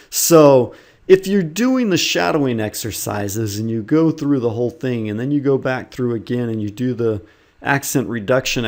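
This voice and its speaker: A man teaching English pronunciation, explaining steps in an earnest, encouraging way and speaking directly to learners. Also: mid-range voice. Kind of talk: instructional talk to learners.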